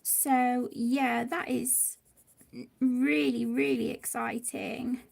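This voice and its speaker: A woman hosting a casual livestream, talking in a gentle, halting, effusive way. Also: sits high, creaky. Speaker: livestream host of an adult colouring channel.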